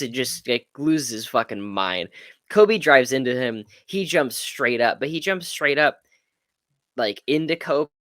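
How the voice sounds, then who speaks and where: A man co-hosting a podcast, chatting casually about sports and acting out quotes in an animated way. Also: medium pitch, dry recording, clean studio sound. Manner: animated, acts out quotes with swearing. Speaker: podcast co-host. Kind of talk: casual sports debate chat.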